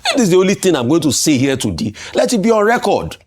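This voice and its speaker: A Nigerian-accented man making his case on a political talk show, pressing point after point with rhetorical questions. His voice sits a little high for a man and swings widely in pitch as he argues. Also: big pitch swings, fast talker, slight background noise. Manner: emphatic, argumentative, rhetorical questions. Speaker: political commentator.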